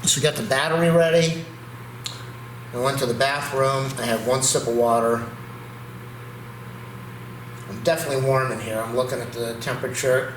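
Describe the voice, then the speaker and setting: A man's voice: medium pitch, steady tone, normal speed, pauses often, far from the mic. A man in a casual home vlog, rambling and talking himself through small chores around the house. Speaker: video creator. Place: at home indoors. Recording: echoey room with noticeable background noise.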